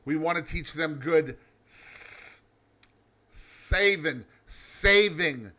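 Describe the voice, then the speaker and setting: A man hosting a daily comedy show in a loud, over-the-top alter-ego persona, reading facts and telling jokes. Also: fairly high pitch, slow pace. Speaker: host.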